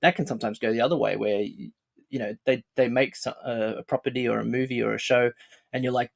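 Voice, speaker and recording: A man's voice: mid-range voice, steady tone, fast, creaky. A man hosting a podcast, asking his guest questions in a friendly, rambling way with many restarts. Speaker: podcast host. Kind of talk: casual podcast interview.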